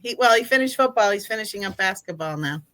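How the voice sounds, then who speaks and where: A woman's voice: medium pitch, lively intonation, fast, a bit bright. A middle-aged woman with a New England accent, chatting as a podcast guest, talking freely and laughing often at herself. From Massachusetts, raised in New Hampshire. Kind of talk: casual chat.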